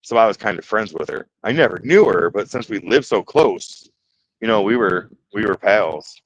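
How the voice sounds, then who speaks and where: A man's voice: lowish voice, animated, moderate pace, highs cut off, a little hiss or hum. A man from the Detroit area, hosting a casual woodworking livestream, joking, reading chat comments aloud and voicing his nerves as he works. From Detroit area, Michigan. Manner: chatty, joking, reads chat aloud, nervous exclamations. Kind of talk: casual live-stream chat.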